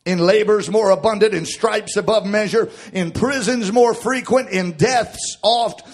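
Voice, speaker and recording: A man preaching a sermon, shouting in a chanted cadence that drops to quiet reading of scripture. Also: sits high, a little slow.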